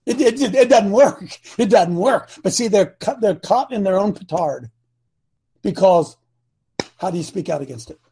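A man's voice: sits high, lively intonation, normal speed, dark tone, husky. An older man hosting a talk show, speaking with fiery, preachy passion and repeating phrases for emphasis. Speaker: host. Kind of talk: impassioned political talk.

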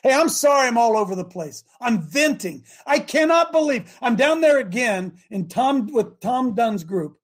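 Fiery high-voiced male talk host. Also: very animated, moderate pace, hardly any pauses. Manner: impassioned, repetitive, shouting at times. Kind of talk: fiery call-in talk show rant. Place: studio in Ohio.

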